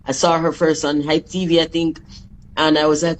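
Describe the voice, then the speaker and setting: A woman's voice: sits low, flat delivery, normal speed, slight background noise, poor audio. Emphatic Jamaican woman, blunt and emotional. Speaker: guest artist. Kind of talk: candid interview on a call.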